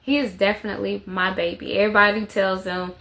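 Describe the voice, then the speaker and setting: A woman's voice: mid-range voice, flat delivery, quick pace, vocal fry, bright, forceful tone. Chatty mother telling a story. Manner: chatty, repeats phrases for emphasis. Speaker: vlogger, mother of four. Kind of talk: casual storytelling to camera.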